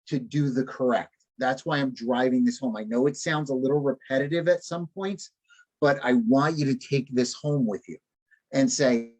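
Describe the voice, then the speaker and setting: A man's voice: fairly high pitch, breathy edge. A man leading a live online sales training session, repeating key points emphatically and checking in with his trainees.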